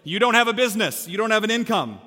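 A man preaching a lively, joking sermon as a pastor, acting out the lines he quotes. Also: sits high, quick pace, big-room sound. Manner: energetic, humorous, acts out quotes. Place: church sanctuary.

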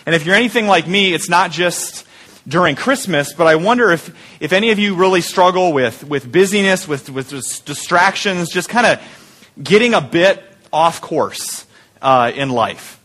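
A pastor delivers a conversational sermon in a high-pitched, animated, fairly bright voice. His delivery is halting, with many repeated words, and he often puts questions to the congregation.

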